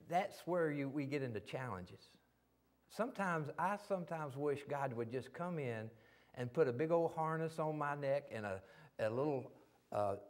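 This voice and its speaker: Southern pastor, male, fairly high voice, folksy fervent sermon delivery in church. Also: a little mellow. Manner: fervent, folksy, peppered with hallelujahs. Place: church sanctuary.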